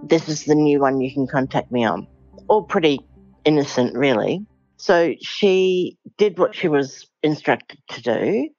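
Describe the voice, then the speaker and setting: Aussie woman with a really low voice, earnest and upset, kinda dull muffled sound, faint music. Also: expressive, a little slow, a little mellow, no room sound. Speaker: interviewee, daughter of a scam victim. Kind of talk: interview recollection.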